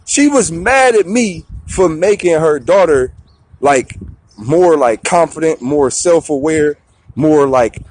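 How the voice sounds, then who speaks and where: A man telling a story in a profane, slangy, animated way on a talk show. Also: a little high, slow pace.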